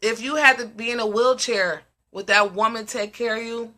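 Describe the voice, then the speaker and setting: Emphatic woman with a bright, ringing voice. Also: fairly high pitch, steady tone, moderate pace. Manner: emphatic, repeats questions. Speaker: host of a live discussion. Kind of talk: casual live-stream talk.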